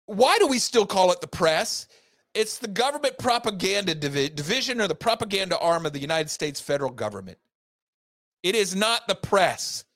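Fiery, high-pitched ranting male host. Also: sing-song, fairly quick, fairly bright tone, no room sound, clean studio sound. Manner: angry, sarcastic, emphatic. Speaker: podcast host. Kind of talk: heated political rant.

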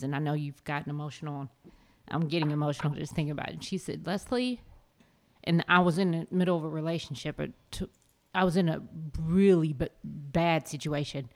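A woman with a doctorate speaking as a guest panelist, reflective and halting, with many pauses and restarts. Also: low voice. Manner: hesitant, halting, soft-spoken.

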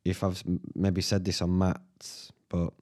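A man with a Northern English accent, hosting a solo podcast, thinking out loud in a sweary, self-mocking way. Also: deep voice, completely flat delivery, a little slow. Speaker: podcast host. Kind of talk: rambling solo podcast chat.

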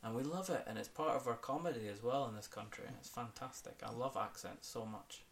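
A man's voice: medium pitch, brisk, gravelly, a little hiss or hum. A man from the United Kingdom, an accent coach talking enthusiastically in a podcast interview. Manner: enthusiastic, animated when talking about accents; fillers and restarts, thoughtful.

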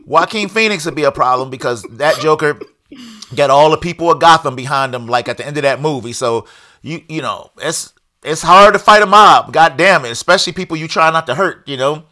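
Bright-toned, laid-back rambling man. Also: fairly high pitch, brisk. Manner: laid-back, rambling, swears casually, many "you know"s. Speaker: podcast co-host. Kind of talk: casual chat.

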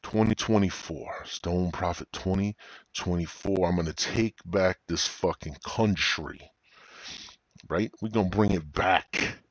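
A man's voice: sits low, measured pace, no echo, highs cut off. A middle-aged man hosting a podcast, ranting in a profane, joking way and slipping into mocking voices. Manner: swears constantly, slips into mocking voices. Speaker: podcast host. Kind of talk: profane comedic rant.

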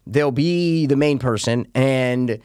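A man talking casually about a film he has seen, excitable, swearing often and acting out the scenes in voices. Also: medium pitch, slow, clean tone, dry recording, studio quality. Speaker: film reviewer. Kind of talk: casual podcast chat.

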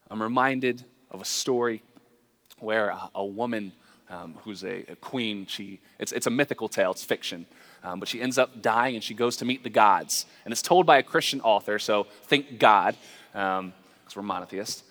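Pastor, man, bright voice, earnest conversational sermon, church hall reverb. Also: lowish voice, expressive, normal speed. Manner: earnest, conversational preaching with restarts.

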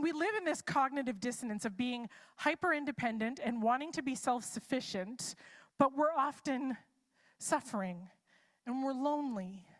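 A woman preacher giving a live sermon in a casual, chatty way, posing many rhetorical what-if questions. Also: sits high.

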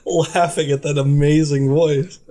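A man's voice: on the high side, fairly even intonation, takes it slowly, mellow. A man playing in a tabletop game in a laid-back way. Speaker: player.

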